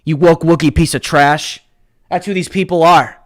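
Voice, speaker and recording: A man hosting a live stream, ranting about politics with heated passion, often shouting and taunting his viewers. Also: fairly high pitch, fairly even intonation, normal speed. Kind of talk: political commentary rant.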